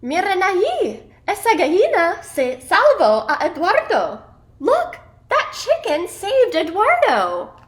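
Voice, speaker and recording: A woman's voice: extremely high pitch, wildly swooping pitch, takes it slowly, pitched above the performer's own voice, heavily acted. A woman voicing a cheerful wild male parrot in a children's storybook reading, speaking in delighted exclamations.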